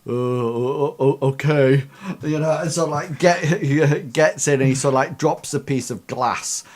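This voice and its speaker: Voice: medium pitch, normal speed. A game master narrating a tabletop game in a rambling way, with many fillers and restarts.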